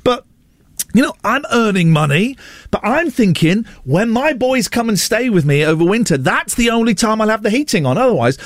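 A man hosting a radio show in the studio, talking in an animated, ranting and self-mocking way. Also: high voice, normal speed, no echo. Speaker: radio host. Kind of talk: casual radio chat.

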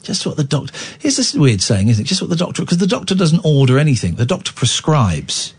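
Lively, teasing man in his forties. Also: fairly high pitch, fast, slightly rough. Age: 40s. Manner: rambling, playful and teasing. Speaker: radio show host. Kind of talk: late-night talk radio chat.

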